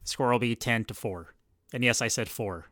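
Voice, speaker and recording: A man's voice: mid-range voice, moderate pace, fairly bright tone, dry recording, studio quality. A man co-hosting a casual sports podcast, who laughs often and makes wry jokes. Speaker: podcast co-host.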